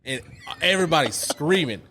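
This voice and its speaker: A man in casual conversation with friends, his pitch rising and falling a lot as he talks. He sounds blunt and laid-back and likes telling stories. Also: expressive, fairly quick, sharp tone, slight background noise. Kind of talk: casual chat.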